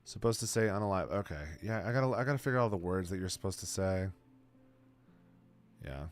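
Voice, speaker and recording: A man's voice: deep voice, lively intonation, fast, faint music behind. A man in his twenties, streaming and answering chat in casual, blunt talk full of bro and man. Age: 20s. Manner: blunt, slangy, calls everyone bro and man.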